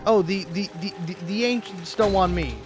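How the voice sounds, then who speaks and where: High-pitched guy cussing out a video game, sarcastic, music going in the background. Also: normal speed. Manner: furious, sarcastic ranting at the game. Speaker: gaming video creator. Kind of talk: profane gameplay commentary. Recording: game music playing behind.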